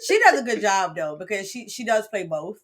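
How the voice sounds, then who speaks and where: A woman's voice: medium pitch, big pitch swings, fairly quick. A woman co-hosting a casual gossip podcast, blunt and profane. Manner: blunt, curses freely. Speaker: podcast co-host.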